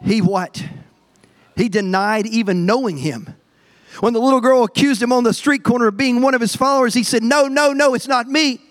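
A man's voice: very high-pitched, fairly quick. A male pastor preaching a sermon to his congregation, emphatic and repetitive, often calling out directly to the people in front of him. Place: church service before a congregation.

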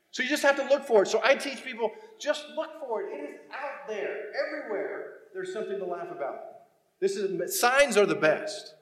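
Man, high voice, lively church comedy talk, echoey hall with long reverb. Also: a little fast. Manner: animated storytelling with quoted voices and punchlines. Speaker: guest speaker at a church. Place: large church sanctuary. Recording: echoey hall, faint noise.

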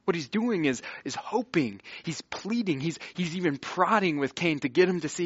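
A man preaching a sermon, moving between hushed pleading and loud, emphatic delivery. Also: a little high, lively intonation, moderate pace, few pauses, breathy edge, no room sound, dull audio. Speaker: pastor.

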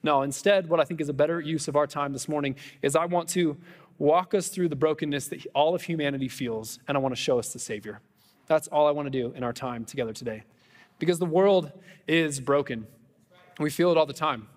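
A man preaching a conversational Easter sermon as pastor, animated, with self-deprecating humor and quick asides. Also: a little high, in a large hall. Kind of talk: Easter sermon with personal stories. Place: church sanctuary.

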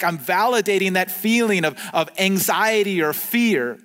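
A pastor delivers an earnest, conversational sermon, stumbling through restarts and fillers as he goes. His voice sits a little high for a man, and a long reverb trails each phrase as if he were in a large hall. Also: expressive, moderate pace, hardly any pauses, fairly bright tone. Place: church video recorded during the pandemic.

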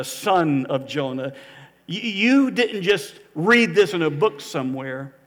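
A man's voice: sits high, fairly bright tone, big-room sound. A man preaching as a church pastor, speaking earnestly and inviting listeners, with emphatic rises when he stresses scripture. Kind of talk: sermon.

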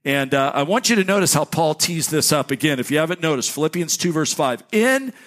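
A man preaching a sermon as a pastor, giving announcements and teaching in an energetic, conversational way with jokey asides. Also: on the high side, quick pace. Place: church sanctuary with congregation.

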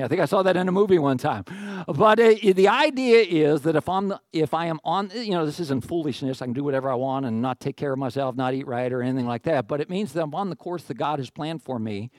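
A middle-aged man preaching a sermon, animated, with jokey asides and quoted voices acted out. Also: fairly high pitch, no room sound, clean studio sound. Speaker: pastor.

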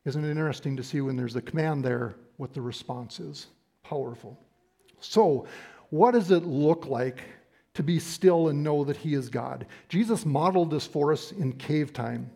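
A middle-aged man delivering a sermon with a mellow, fairly high voice. He speaks emphatically and deliberately, slowing down to stress key phrases. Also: gravelly, breathy edge. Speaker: preacher.

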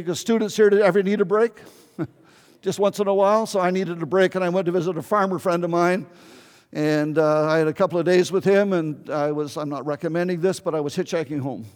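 An older man, a pastor telling a story in a sermon and pleading earnestly with his congregation. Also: high-pitched. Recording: long hall reverb.

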